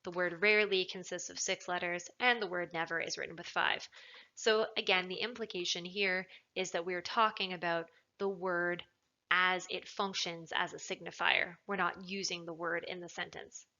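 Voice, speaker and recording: A woman talks through a writing lesson in a crisp, bright voice, stressing the words that matter. The recording is a little dull and lo-fi. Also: fairly low pitch, steady tone, normal speed. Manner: clear, explanatory, leans on stressed words. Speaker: writing tutor. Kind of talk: recorded lecture narration.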